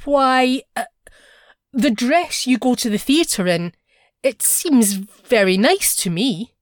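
A woman's voice: medium pitch, lively intonation, a little slow, dry recording, clean studio sound, close to an everyday voice. A woman reading a story aloud, voicing an anxious clerk husband who talks in an earnest, pleading way. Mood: eager. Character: anxious eager-to-please husband, a modest clerk.

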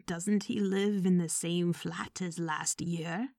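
A woman voicing a grieving older man who speaks low, hushed and soothing in a storybook reading. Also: steady tone, slow pace, gravelly, dry recording. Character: grieving older man, card player, gentle.

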